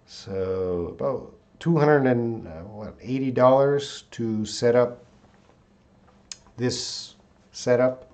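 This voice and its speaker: Male English teacher on a live stream, desktop mic, mid-pitched, relaxed and halting delivery. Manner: casual, hesitant, reads viewer comments aloud. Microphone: desktop USB mic.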